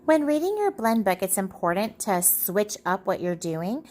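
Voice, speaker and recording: A woman teacher guides parents through how children learn to read. She explains patiently and slows down to sound out letters and short words as examples. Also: mid-range voice, big pitch swings, warm tone. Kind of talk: phonics lesson for parents.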